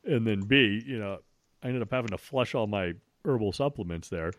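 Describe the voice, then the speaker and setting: A man's voice: on the low side, a little fast, no echo. Brief: man, profane storyteller, lots of restarts, dry close mic. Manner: swears freely, frequent restarts, animated retelling.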